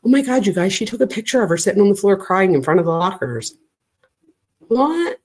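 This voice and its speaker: A woman's voice: mid-range voice, animated, fast talker, a little mellow, breathy edge. A woman hosting a true crime show, chatting to viewers with incredulous asides as she reads out text messages. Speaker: true crime host and psychology professor. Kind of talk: casual commentary reading text messages aloud.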